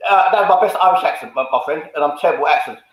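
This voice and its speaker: A man's voice: a little high, racing. A man hosting a casual fan stream, jokey and full of slang as he reads out viewer comments. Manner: jokey, drops slang, lots of "um". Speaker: host reading viewer comments. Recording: very echoey room.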